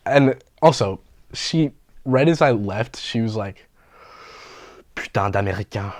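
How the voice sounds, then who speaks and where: A man's voice: mid-range voice, no echo. A young man from the Bay Area, a graffiti artist and painter, telling stories in a casual interview with lots of slang, swearing and laughter. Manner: animated, profane, laughs often, slangy.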